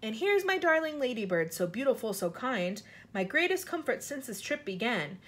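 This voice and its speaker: A woman's voice: on the high side, very animated, normal speed, a bit bright. A woman reading aloud the voice of a young boy who proudly presents his friends in rhythmic, sing-song verse. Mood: showman. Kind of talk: children's book read aloud.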